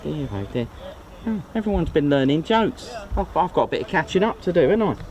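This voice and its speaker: A man's voice: a little high, lively intonation, quick pace, a little mellow. A man hosting a live stream outdoors, chatty and teasing, explaining aircraft plainly. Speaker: host of a live plane-spotting stream. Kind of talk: casual live commentary. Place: outdoors at an airfield viewing area.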